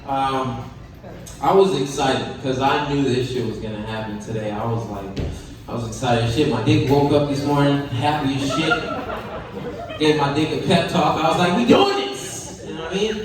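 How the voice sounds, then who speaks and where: A man's voice: mid-range voice, normal speed. A young man from the Caribbean doing a loose, profane stand-up set, chuckling at his own jokes on a comedy club stage. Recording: echoey club from far off, faint noise.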